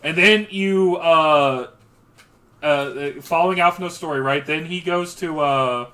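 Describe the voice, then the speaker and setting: A man's voice: fairly high pitch, measured pace, smooth. A young man chatting casually and swearing freely as he eagerly retells a game's story. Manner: excitable, profane storytelling. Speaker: streamer. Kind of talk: casual gaming chat.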